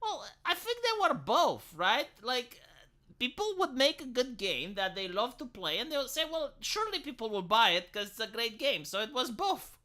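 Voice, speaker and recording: A man holds forth on his live stream in a sharp, bright voice. His pitch leaps around as he rambles, tosses off sarcastic asides and swears without a second thought. It sounds like loose, opinionated late-night chat. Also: big pitch swings, normal speed.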